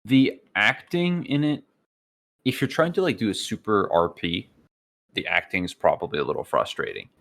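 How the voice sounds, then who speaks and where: A man co-hosting a casual podcast chat, telling relaxed stories and acting out game dialogue. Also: on the low side, moderate pace, vocal fry. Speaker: podcast co-host.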